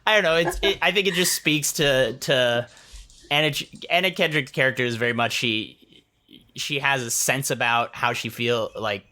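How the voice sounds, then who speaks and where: A man's voice: medium pitch, moderate pace, sharp tone. A man co-hosting a casual podcast, talking in loose rambling sentences and acting out quotes from a film. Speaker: podcast co-host. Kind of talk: casual chat.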